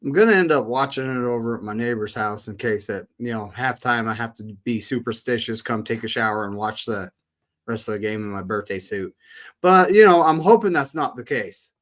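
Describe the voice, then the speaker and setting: A man co-hosting a casual sports fan show, talking in a relaxed way and stumbling over some words. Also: lowish voice, a little fast. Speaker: podcast co-host.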